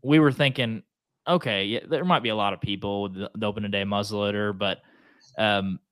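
A man with a Southern US accent, telling hunting stories in a relaxed, casual chat. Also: fairly low pitch, a little fast, no room sound. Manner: relaxed storyteller, frequent "like".

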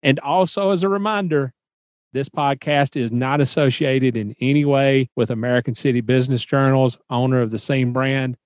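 A man's voice: medium pitch, darkish tone, no room sound. A man hosting a podcast, reading a plain announcement and asking questions in a conversational way. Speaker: podcast host. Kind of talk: casual interview.

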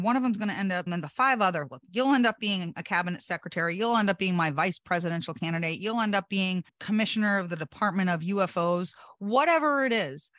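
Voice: mid-range voice, fairly bright tone, no room sound. Confident political commentator, dry close sound. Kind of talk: casual political panel chat.

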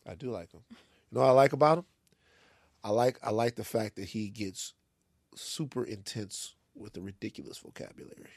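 A man from Louisiana, co-hosting a casual comic chat and telling lively stories. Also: fairly low pitch, moderate pace, no room sound, clean studio sound. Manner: animated storyteller, acts out other voices. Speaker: podcast co-host.

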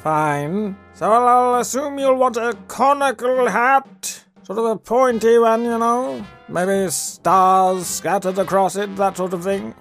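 Figure: Haberdragon, small fussy dragon hatmaker voiced by a man. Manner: slow, prim, grudging. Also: high voice, fairly bright tone, faint music behind, full character voice. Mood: prim shopkeeper. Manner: slow, polite and clipped, grudging.

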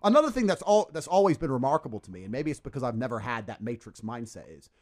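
A man's voice: mid-range voice, animated, fast talker. Man ranting hard on a podcast, voice swings all over, swears a lot. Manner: forceful, profane, emphatic ranting. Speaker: podcast guest. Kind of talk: casual podcast conversation.

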